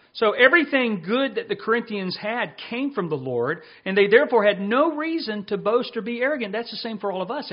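A man's voice: high-pitched, husky. Emphatic male preacher, lo-fi recording. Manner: emphatic preaching, slows down to stress points. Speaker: pastor. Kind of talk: sermon.

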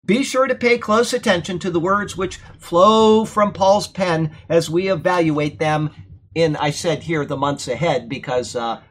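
A man teaching a Bible class in a church classroom, lecturing in a conversational, animated way and checking in with frequent okays. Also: on the high side, a little slow. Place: church classroom during a thunderstorm.

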